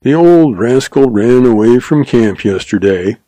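A man's voice: mid-range voice, lively intonation, a little slow, dark tone, no room sound, lightly acted. A man reading a story aloud and voicing a sly young cowboy who talks in an easygoing, folksy way. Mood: mournful.

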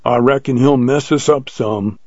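A man voicing a calm, laconic old plainsman who speaks in an unbothered drawl, in a dull lo-fi recording. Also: mid-range voice, a little slow, dry recording, lightly acted.

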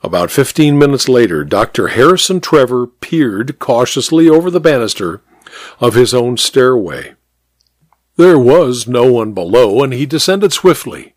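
Guy reading a mystery audiobook, lots of pitch movement, dry close mic. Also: big pitch swings, unhurried, no echo. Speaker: narrator.

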